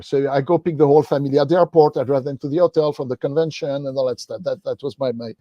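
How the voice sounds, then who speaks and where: A man's voice: medium pitch, fast talker, few pauses, mellow, no room sound. Man telling stories, dull lo-fi line. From France. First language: French. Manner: rambling, many fillers and restarts, laughs while telling stories. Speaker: guest comics artist. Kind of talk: casual anecdotal interview.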